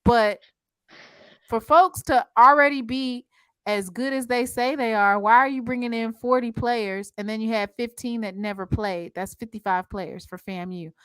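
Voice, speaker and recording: A woman hosting a casual live-stream sports chat, quizzing and teasing her co-hosts in a lively way. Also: a little high, normal speed, smooth, dry recording. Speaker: host.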